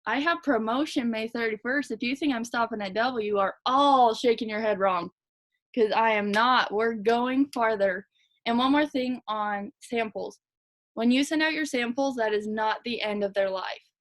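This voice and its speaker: A young woman team leader giving a fast, chatty, energetic motivational talk to her team. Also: on the high side. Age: young adult. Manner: fast, chatty, energetic, lots of "like" and "you guys". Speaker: direct sales team leader.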